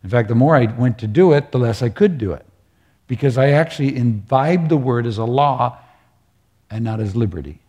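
Male preacher, mellow and husky, earnest conversational sermon that keeps checking in with listeners. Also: medium pitch, moderate pace.

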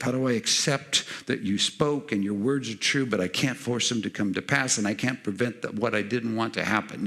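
A man preaching a sermon, animated and acting out the voices he quotes. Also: fairly low pitch, gravelly, slightly rough.

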